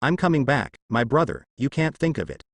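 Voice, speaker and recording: A man's voice: medium pitch, expressive, fairly quick, creaky, no echo. Sly scheming trickster god read by a man, gloaty, dry close voice. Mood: gloating.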